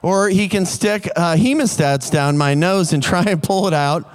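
A man telling a comic personal story in an animated way, building tension. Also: high-pitched, moderate pace, slight background noise.

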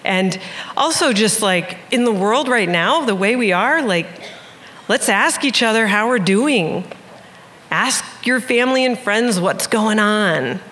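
A woman's voice: mid-range voice, expressive, measured pace, a bit bright. A woman in her forties from Iowa, telling a candid, emotional personal story in a conversational way. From Iowa, USA. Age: 40s.

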